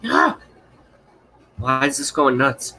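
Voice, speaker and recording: A man's voice: mid-range voice, measured pace, bright, forceful tone, some chatter behind, low-quality recording. A man hosting a livestream, delivering an angry, profane political rant with contempt. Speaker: livestream host.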